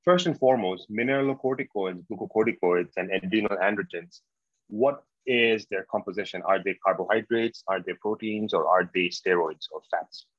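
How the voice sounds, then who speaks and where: A man giving a medical exam prep lecture, slow and repetitive, quizzing his students as he goes. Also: lowish voice, dry recording. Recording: dull, dry lo-fi lecture recording.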